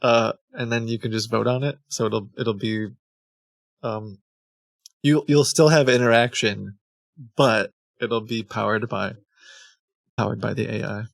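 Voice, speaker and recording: A man's voice: on the low side, fairly even intonation, a little slow, gravelly, pauses often, dry recording. A man hosting a live stream, chatting casually with viewers, with frequent restarts and fillers. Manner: hesitant, many restarts, laughs along with chat. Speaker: streamer host.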